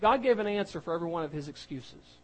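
A man's voice: on the high side, expressive, fast talker, poor audio. A man preaching an earnest sermon, reading scripture and acting out quoted speakers. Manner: earnest, acts out quoted voices, varies loudness.

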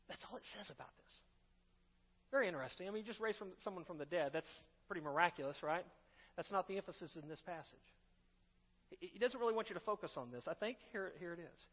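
Guy preaching, chatty with lots of asides, highish voice, big echoey church sound, kinda dull audio. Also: expressive, fairly quick, breathy edge. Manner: conversational, with asides and restarts. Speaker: pastor. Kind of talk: sermon.

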